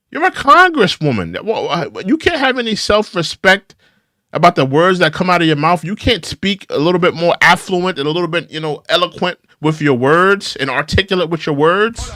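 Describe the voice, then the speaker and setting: A man's voice: high voice, big pitch swings, moderate pace, sharp tone, dry recording, clean studio sound. A man hosting a political reaction show, scolding the clips he plays and often repeating himself. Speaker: political commentary host. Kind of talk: reaction commentary.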